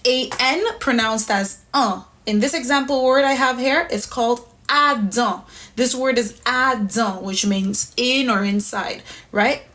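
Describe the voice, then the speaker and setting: A woman's voice: on the high side, a little slow, fairly bright tone. A woman teaching a pronunciation lesson step by step, patient and methodical, often checking in with "right?". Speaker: language teacher.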